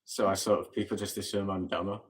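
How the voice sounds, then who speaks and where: Man, low voice, casual live stream chat, laid-back, reads comments, laughs a lot. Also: little pitch movement, quick pace, slightly rough.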